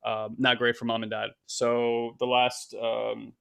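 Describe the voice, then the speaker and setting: Male co-host from California, middle-aged, bright and smooth, easygoing reflective chat. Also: medium pitch, monotone, a little slow. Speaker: podcast co-host. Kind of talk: casual chat.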